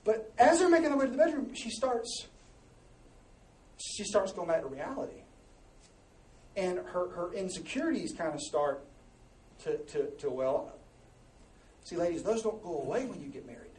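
A high-voiced male pastor preaching in a big echoey church hall, heard from a little way off the mic. He delivers the sermon in an animated, joking way, teasing the crowd between readings of scripture. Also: normal speed, long pauses, far from the mic.

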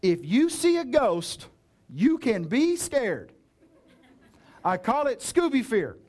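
A man's voice: extremely high pitch, sing-song, slow pace, darkish tone. A male pastor preaching a sermon in a casual, joking way, with playful asides and acted-out dialogue.

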